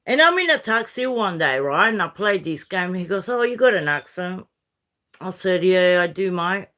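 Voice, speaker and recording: A woman's voice: lowish voice, lively intonation, normal speed, sharp tone. An older woman from Uruguay with a Uruguayan Spanish accent, Spanish her first language, chatting and ranting in a rambling way to her camera, sprinkled with Aussie slang and mild swearing. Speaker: vlogger. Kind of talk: casual rambling rant.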